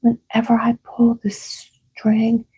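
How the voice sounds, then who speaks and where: A woman voicing an excited young child showing off new toys, in a whispered role-play. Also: fairly high pitch, slow, slightly rough, dry recording, pitched above the performer's own voice, exaggerated voice, rough recording.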